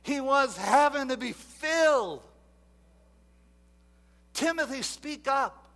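A high-voiced, bright-toned male preacher. He drifts into soft asides, then builds to loud, emphatic exhortation, often repeating and restarting his words. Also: animated, slow. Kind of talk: sermon.

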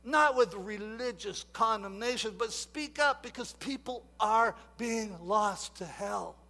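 A high-voiced, bright-toned male preacher. He drifts into soft asides, then builds to loud, emphatic exhortation, often repeating and restarting his words. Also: slow pace. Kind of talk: sermon.

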